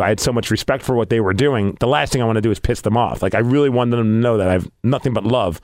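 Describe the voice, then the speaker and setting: A man hosting a podcast, telling a story in a casual, animated way and acting out his own reactions. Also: medium pitch, fast talker, hardly any pauses, no room sound, studio quality. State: losing his voice. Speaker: podcast host.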